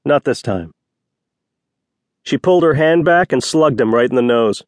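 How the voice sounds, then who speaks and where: A man's voice: expressive, moderate pace, no echo. Male audiobook narrator, dry studio sound. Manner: voices each character with small pitch shifts. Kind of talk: scripted narration.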